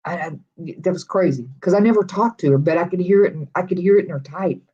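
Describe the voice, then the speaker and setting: A woman's voice: fairly low pitch, quick pace, mellow, breathy edge, lo-fi sound. A middle-aged woman with a Texas accent chatting casually with live viewers, rambling from one thought to the next. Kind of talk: casual live-stream chat.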